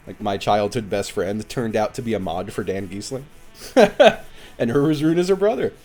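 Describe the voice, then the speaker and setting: A man chatting casually on a live game stream, telling stories with lots of laughter. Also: lowish voice. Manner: animated storytelling with frequent laughs. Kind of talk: casual live-stream chat while gaming.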